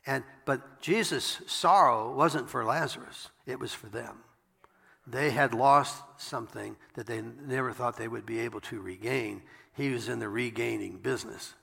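A man delivers a sermon, reading scripture and stopping to add wry, conversational asides. His voice is gravelly with a bright, forceful edge. The sound carries the long reverb of a large room. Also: mid-range voice, normal speed. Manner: reads scripture aloud and breaks in with wry asides. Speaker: pastor.

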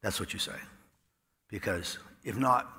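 A man preaching a sermon in a folksy storytelling way, dropping to a hush and then rising loud. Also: lowish voice, unhurried. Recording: echoey hall with long reverb.

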